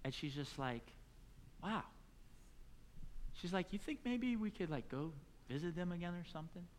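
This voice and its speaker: A middle-aged man preaching a sermon, telling a story and acting out the dialogue, building to loud emphatic peaks. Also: high voice, expressive, moderate pace, a little hiss or hum. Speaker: pastor.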